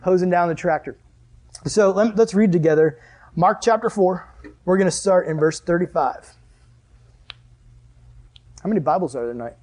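A young man preaching to a youth group, telling a story with lively acted-out exclamations and then reading scripture. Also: sits high, normal speed, pauses often. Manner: animated storyteller, acts out dialogue with loud exclamations. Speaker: youth pastor.

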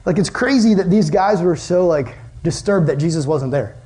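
A young youth pastor preaches a casual youth sermon, telling stories animatedly and using lots of "like" fillers. His voice is fairly high and his pace moderate.

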